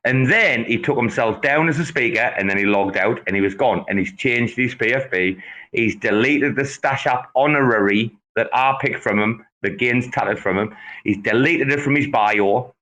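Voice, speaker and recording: A man hosting a casual online audio chat, talking in animated, swearing banter. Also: medium pitch, normal speed, poor audio. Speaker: host.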